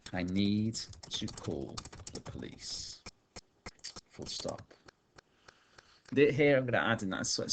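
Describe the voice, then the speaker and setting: A male teacher thinking aloud as he writes a story, dictating sentences slowly while typing. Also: low-pitched, gravelly, a little hiss or hum. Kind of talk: online writing lesson while typing.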